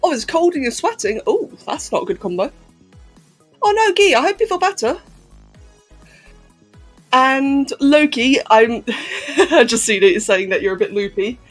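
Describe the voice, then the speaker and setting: A woman chats on her live stream in a hyper, giggly way, answering her chat as she goes. Her voice sits a little high and swings widely in pitch, with a slightly husky edge. Soft music plays faintly in the background. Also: big pitch swings, measured pace, pauses often.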